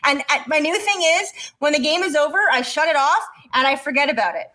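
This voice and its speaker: A young woman from the Montreal area co-hosting a podcast, talking in a casual, animated, exasperated way. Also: high-pitched, fast. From Montreal area, Canada. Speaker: podcast co-host. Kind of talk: casual chat.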